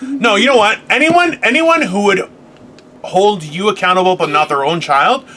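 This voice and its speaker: A man co-hosting a podcast in casual comedic chat, telling animated jokey stories and acting out other people's voices. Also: high voice, moderate pace. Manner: animated, jokey storyteller who acts out voices. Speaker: podcast co-host.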